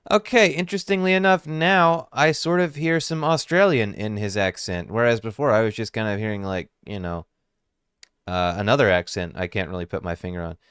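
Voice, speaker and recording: A man's voice: lowish voice, a little fast, a bit bright, clean tone, dry recording. A man giving casual reaction commentary, musing wryly and thinking aloud on a close microphone. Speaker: YouTube commentator.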